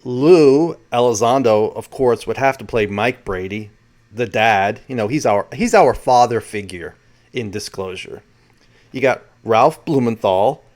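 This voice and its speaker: A man's voice: medium pitch, unhurried, a little mellow. A man hosting his own video, talking casually and rambling, often correcting himself mid-sentence. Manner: chatty and rambling, with self-corrections. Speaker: video host. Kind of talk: casual solo commentary.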